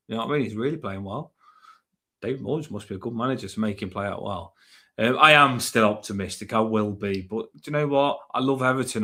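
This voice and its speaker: A man co-hosting a football fan podcast, excitable and hyping himself up in casual chat. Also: mid-range voice. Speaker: podcast co-host.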